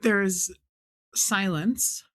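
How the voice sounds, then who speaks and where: Measured woman narrating a tabletop game. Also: medium pitch, a bit bright. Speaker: game master.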